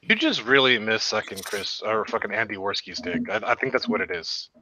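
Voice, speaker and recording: A man's voice: lowish voice, expressive, brisk, bright, forceful tone, slight background noise. A man in a casual podcast chat who makes mocking, sarcastic jabs.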